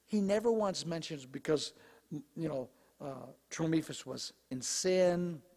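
A male pastor preaching a sermon in a conversational, animated way, his voice slightly hoarse. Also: a little high, measured pace, in a large hall. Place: church sanctuary.

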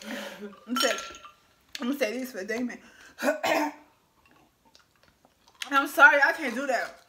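A young woman filming a casual eating-challenge vlog, complaining loudly and laughing about the burning heat. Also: a little high, unhurried, slight background noise. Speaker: vlogger.

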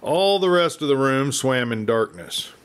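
A man reads a western novel aloud as a storyteller, his delivery measured and unhurried. His voice sits at an ordinary male pitch. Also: animated, fairly bright tone, clear, resonant tone. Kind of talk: scripted narration of a western novel.

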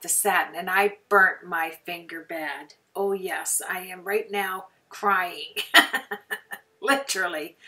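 A woman's voice: mid-range voice, fairly bright tone, distant mic. A woman hosting a craft tutorial, talking casually as she works, rambling chattily with apologetic asides. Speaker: craft video host.

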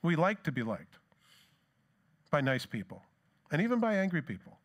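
A man's voice: a little high, very animated, a little fast, pauses often. A middle-aged man preaching a sermon as pastor, in a conversational way, with rhetorical questions and plain asides.

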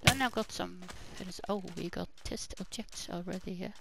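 A woman's voice: lowish voice, moderate pace, gravelly, background noise. A woman hosting casual gameplay commentary, chatty and exclaiming, talking back to the characters on her screen. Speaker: gaming channel host.

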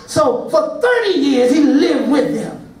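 A man in his fifties preaches a fervent sermon in a strikingly high, lively voice, rising to shouts and calling the congregation y'all. He takes his time over each phrase. The sound is a reverberant church sanctuary picked up from far off. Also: slow. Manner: impassioned, builds to shouts, addresses congregation as y'all. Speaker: assistant pastor.

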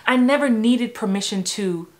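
A woman in her forties from New York, an acting coach, telling personal stories in a lively way, laughing and acting out voices from her memories. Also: fairly high pitch, moderate pace. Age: 40s. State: a little emotional. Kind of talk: personal storytelling vlog.

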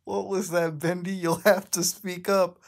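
A man voicing a gentle male cartoon character with a soft, tender delivery. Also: high voice, level tone, a little slow, gravelly, voice pushed up, exaggerated voice. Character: gentle male cartoon cup-headed boy.

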